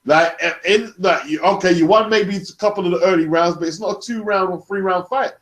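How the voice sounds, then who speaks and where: A man's voice: sits high, a little fast, reverberant. A man hosting a boxing talk show, persistently cutting in to debate a caller. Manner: persistent, repeats the caller's name to cut in. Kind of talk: heated call-in debate.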